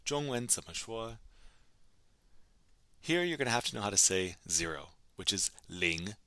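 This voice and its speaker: A man with a lowish but bright, forward voice teaches a recorded language lesson. He drills numbers patiently, asking and then answering each one. The sound is dry and close. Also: animated, unhurried, dry recording.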